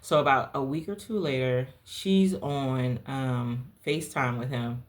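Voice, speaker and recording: A young adult woman from the South Carolina Lowcountry, hosting a podcast and telling a personal story in a candid, animated way. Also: a little slow, slight background noise. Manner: animated, candid, dramatic pitch swings. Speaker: podcast host.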